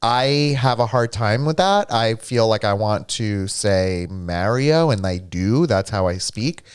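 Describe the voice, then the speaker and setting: Young man with a smooth voice. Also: on the low side, a little slow. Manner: animated, playfully argumentative. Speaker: livestream co-host. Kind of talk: casual gaming stream chat.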